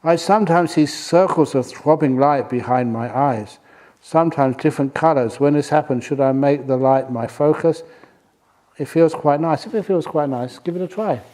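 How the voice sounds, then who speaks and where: Man, Buddhist monk, retreat Q&A, storytelling, playful, laughs at own jokes, mellow voice. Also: on the high side, moderate pace. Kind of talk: storytelling Dhamma talk and Q&A.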